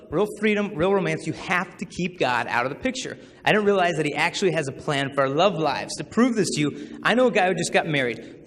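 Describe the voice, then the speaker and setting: A young man in his twenties giving a humorous talk, acting out the voices in his stories. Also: on the high side. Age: 20s. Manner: animated, acts out quoted voices. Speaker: chastity speaker. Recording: hall reverb with faint noise.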